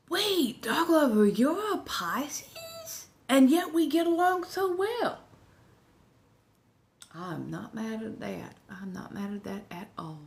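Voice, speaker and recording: A woman with a Southern US accent hosting a relaxed livestream chat. She talks softly, slips into whispers, and rambles with restarts while speaking without her upper denture. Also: fairly low pitch. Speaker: ASMR livestream host.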